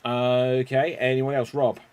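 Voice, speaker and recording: Slow-talking man hosting improv. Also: mid-range voice, level tone, darkish tone, clear, resonant tone. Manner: unhurried, chuckling, calls on players by name. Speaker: improv show host. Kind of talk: hosting an online improv game. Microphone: video call.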